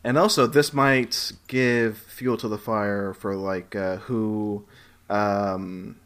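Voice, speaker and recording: A man in casual podcast chat who circles his points and stumbles through fillers before landing them. His voice sits fairly low but has a bright, forward edge. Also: fairly even intonation, takes it slowly. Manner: hesitant, many fillers and restarts. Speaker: podcast co-host.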